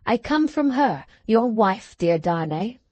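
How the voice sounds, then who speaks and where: A woman voicing a steady, urgent young Englishman who gives calm, hurried commands as he plans a rescue. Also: medium pitch, no room sound. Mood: urgent, commanding.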